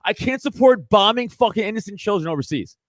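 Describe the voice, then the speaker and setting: A man's voice: high-pitched, expressive, fast, no room sound. A man, a comedian guest on a podcast, arguing his views in casual chat, emphatic and full of swearing. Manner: emphatic, profane ranting.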